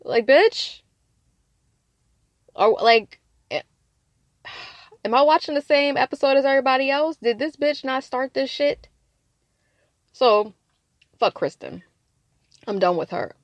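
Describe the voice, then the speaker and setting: A woman hosting a casual podcast that recaps a reality show, blunt and profane, animated, laughing in bursts. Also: sits high, a little slow, pauses often, no echo, dull audio.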